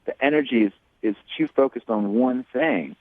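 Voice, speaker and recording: A man calling in to a radio show, talking haltingly with many restarts and fillers. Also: mid-range voice, dry recording. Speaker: caller. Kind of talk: phone call on a radio show. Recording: tinny phone line.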